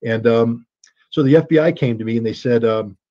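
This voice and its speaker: A former weapons inspector, appearing as an interview guest, tells a rambling story full of fillers and restarts, doing the voices of people he quotes. His voice is medium-pitched, brisk and warm, and the sound is dull and lo-fi.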